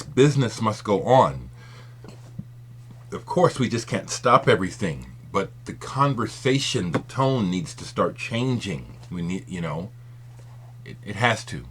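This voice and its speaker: A man who makes vinyl community videos speaks in a low-ish, slightly bright, husky voice. He delivers an impassioned, rambling monologue to his audience, repeating his points and swearing for emphasis.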